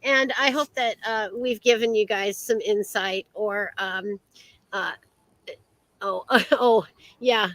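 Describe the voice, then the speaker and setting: A woman's voice: mid-range voice, steady tone, slow, fairly bright tone, dry recording, poor audio. An American woman co-hosting a casual podcast chat, rambling with many fillers and restarts. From United States. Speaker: podcast co-host.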